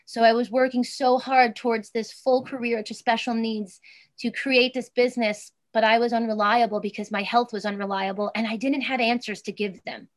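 A woman's voice: a little high, fairly even intonation, moderate pace. A woman in her thirties, a guest in an interview, speaking earnestly and with emotion, with many fillers and restarts. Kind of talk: personal interview.

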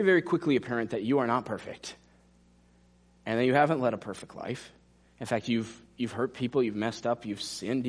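Animated male preacher. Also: mid-range voice, slightly rough. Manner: animated preaching, dropping to hushed asides. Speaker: pastor. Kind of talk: sermon.

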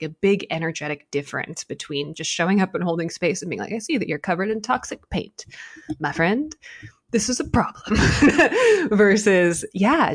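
Woman, deep voice, animated storyteller, casual chat. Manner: animated storyteller with vivid examples.

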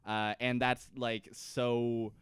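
A man's voice: medium pitch, flat delivery, very slow, a bit bright, clean tone, no echo. A man co-hosting a casual podcast, rambling through a TV episode recap and acting out the characters' lines in playful mock voices, with casual swearing. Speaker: podcast co-host.

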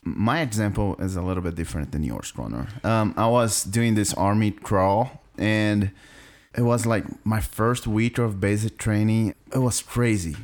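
A man talking as a guest in a casual chat, halting and repeating himself as he recalls basic training. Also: lowish voice.

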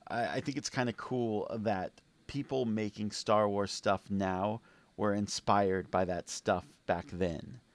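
Low, dry-sounding male podcast co-host, relaxed and chatty. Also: slow pace, dry recording. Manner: easygoing, laughs often, many fillers. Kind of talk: casual podcast chat.

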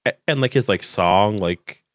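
A young man co-hosting a casual chat, rambling with lots of filler words and lively quoting. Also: lowish voice, unhurried, dry recording. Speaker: podcast co-host.

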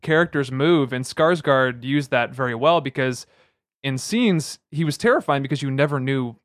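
Animated man chatting dryly, close-up. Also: mid-range voice, normal speed, dry recording. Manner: animated, opinionated, playful asides. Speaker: podcast co-host. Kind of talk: casual film review chat.

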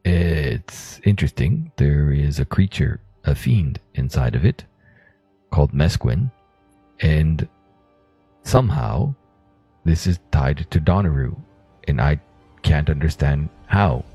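A man's voice: a bass voice, lively intonation, takes it slowly, pauses often, warm tone, breathy edge, no room sound, faint music behind, heavily acted. A man voicing an earnest, odd male adventurer who stammers and rambles. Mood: puzzled.

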